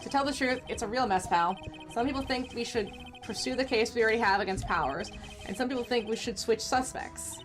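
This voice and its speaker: A woman's voice: on the high side, a little fast, over music, lightly acted. A woman voicing a bumbling, good-natured male police detective from a video game, who calls everyone pal as she reads the part aloud. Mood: earnest.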